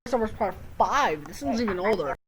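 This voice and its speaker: A woman hosting a reaction video, talking in a slow, amused way. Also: mid-range voice, animated, crowd noise. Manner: slow, amused, laughs often. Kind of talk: casual reaction commentary.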